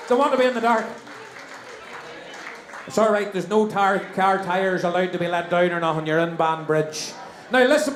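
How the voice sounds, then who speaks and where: A middle-aged man with a Northern Irish accent compering a live show, cracking cheeky jokes and bantering with the audience. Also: sits high. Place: stage in a hall before a live audience. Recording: echoey hall, faint crowd and noise.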